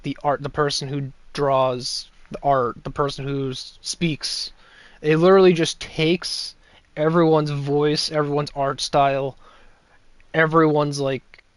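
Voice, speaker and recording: A man's voice: on the high side, no echo. A young man giving casual, rambling gameplay commentary with sarcastic asides and chuckles. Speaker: gameplay streamer.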